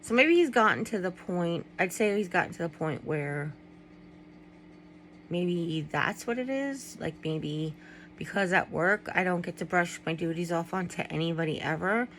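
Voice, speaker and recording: A middle-aged woman talks straight to her viewers in a loose, confiding vlog, wandering off mid-thought and circling back. Her voice has a rough, gravelly edge and sits a little low. A faint hum runs underneath. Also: expressive, moderate pace, a bit bright, poor audio. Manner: rambling, candid, trails off and restarts. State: tearful at times. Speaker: vlogger. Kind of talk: personal vlog, talking to viewers.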